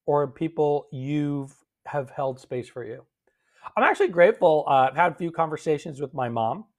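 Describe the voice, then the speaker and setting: A man hosting a live-streamed gratitude session on a phone, gently coaching viewers and answering their comments. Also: a little high.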